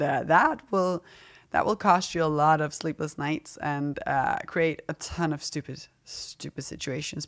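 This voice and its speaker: A middle-aged woman speaking frankly and casually as an interview guest, laughing often as she talks. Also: deep voice. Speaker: fashion brand founder, guest.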